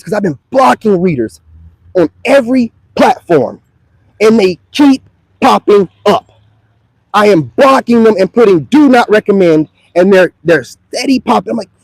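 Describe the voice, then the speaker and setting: A man's voice: high voice, creaky, darkish tone, no echo, poor audio. A young man ranting to the camera in a taunting, profane, mocking manner. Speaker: online video creator.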